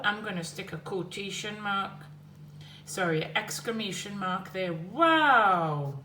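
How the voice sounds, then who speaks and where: A woman teacher slowly explaining edits step by step in a classroom lesson. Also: lowish voice. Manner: slow, step-by-step explaining while writing. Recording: echoey room from far off with faint hum.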